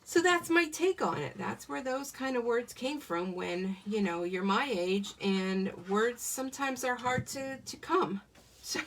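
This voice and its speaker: A woman's voice: sits high, creaky, a little hiss or hum. A middle-aged woman demonstrating card-making on a live stream, chatty and self-joking, laughing often. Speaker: craft demonstrator. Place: home craft desk. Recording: voice a bit far from the mic.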